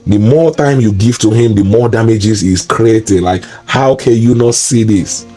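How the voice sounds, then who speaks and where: Deep-voiced man ranting about football. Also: measured pace, mellow, soft background music. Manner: exasperated, repetitive ranting. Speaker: football pundit and show host. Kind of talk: solo match preview commentary.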